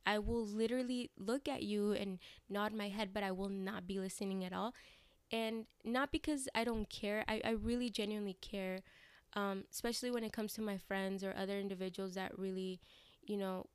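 A woman's voice: medium pitch, fairly even intonation, normal speed, smooth, no echo. A young adult woman talking candidly in a personal vlog, rambling with fillers and restarts and swearing casually. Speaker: vlogger.

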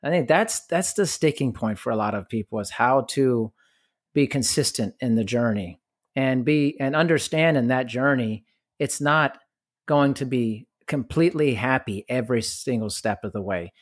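A man's voice: mid-range voice, normal speed, dry recording, clean studio sound. A man hosting a podcast, thinking aloud in a loose way and restarting his sentences often. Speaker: podcast host. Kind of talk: casual podcast interview.

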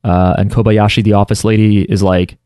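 A man's voice: fairly low pitch, little pitch movement, fairly quick, mellow, clean tone, dry recording, clean studio sound. Rambling man chatting about anime. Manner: rambling, many fillers and restarts. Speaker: podcast co-host. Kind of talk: casual anime discussion.

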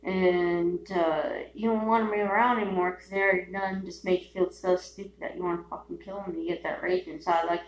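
A woman hosting a solo podcast, ranting in a rambling, profane way, dropping to mutters and then bursting into shouts. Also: fairly low pitch, steady tone, fairly quick, hardly any pauses. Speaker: podcast host. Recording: echoey room with faint hum.

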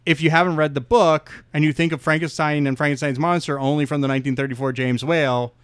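Podcast co-host, male, smooth resonant voice, dry close sound, jokey chat. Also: a little high, fairly even intonation, fast, fairly bright tone, dry recording. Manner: jokey, drops into mock Boston accent. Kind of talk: casual chat.

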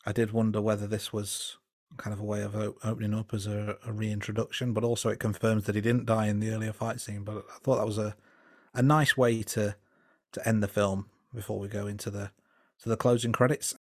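A man co-hosts a casual film review podcast, his voice a little low and sitting dry and close to the mic. He muses in a thoughtful, unhurried way, stopping often on small fillers. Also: no echo. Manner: relaxed, thoughtful, hesitant with fillers. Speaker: podcast co-host.

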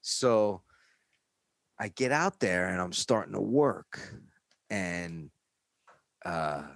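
A man's voice: deep voice, lively intonation, very slow, creaky, dry recording. A man from New York telling a rambling, profane story in casual chat on a close studio mic.

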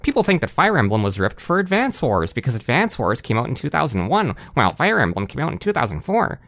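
A man's voice: mid-range voice, big pitch swings, fast talker, a bit bright, no room sound. A man voicing a petty young male nerd reviewer with a nasal, whiny, indignant voice.

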